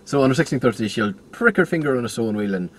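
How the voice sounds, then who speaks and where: A man's voice: medium pitch, lively intonation, racing, slight background noise. A man retelling a film plot in casual chat with a sarcastic, jokey manner.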